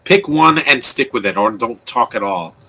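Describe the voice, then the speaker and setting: A man's voice: mid-range voice, animated, normal speed, bright, forceful tone, husky, low-quality recording. A man giving casual, opinionated live commentary on a movie, rambling with frequent restarts. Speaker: film commentator.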